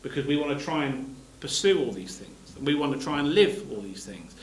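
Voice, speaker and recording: A man's voice: on the high side, sing-song, fairly quick, reverberant, low-quality recording. A man giving a sermon. He reads scripture aloud and explains it plainly, stopping to restart his phrases. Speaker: preacher.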